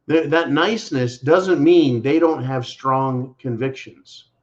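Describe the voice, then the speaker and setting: A man's voice: on the high side, measured pace, few pauses, fairly bright tone, muffled recording. An American man hosting his own channel, giving sarcastic political commentary and addressing his listeners as folks. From United States. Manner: mocking, repeating sarcastic catchphrases, calls listeners folks. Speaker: channel host.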